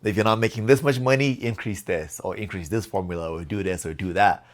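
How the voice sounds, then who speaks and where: A man's voice: on the low side, brisk. Easygoing young man co-hosting, slangy. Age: young adult. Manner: easygoing, animated when joking, slangy. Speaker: podcast co-host, new father. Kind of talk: casual chat.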